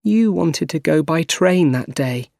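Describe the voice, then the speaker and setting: Man voicing a gentle older aunt. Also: fairly high pitch, expressive, measured pace, vocal fry, no echo, clean studio sound, pitched above the performer's own voice.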